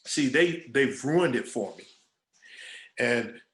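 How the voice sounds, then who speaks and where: A man's voice: mid-range voice, takes it slowly. A man speaking as a guest creative director, telling stories casually and acting out what others said. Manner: animated storyteller acting out quoted voices. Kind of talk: casual storytelling Q&A. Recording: echoey room.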